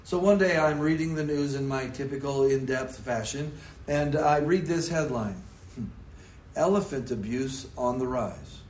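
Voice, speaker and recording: A man preaching a sermon in a conversational, storytelling manner, sometimes putting on quick mock voices for effect. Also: medium pitch, darkish tone, a little hiss or hum. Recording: echoey room with faint ambience.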